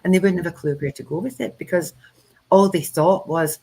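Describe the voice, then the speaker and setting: A woman co-hosts a spiritual chat, telling stories casually and animatedly acting out the dialogue she quotes. Her voice is on the low side with a breathy edge, she speaks fairly quickly, and the recording is rough.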